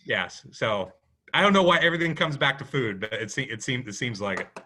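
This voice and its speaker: A man's voice: medium pitch, expressive, brisk, sharp tone. A man, co-hosting a podcast and telling rambling casual stories full of restarts. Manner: rambling, with many restarts and "you know". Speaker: podcast co-host. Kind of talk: casual storytelling chat.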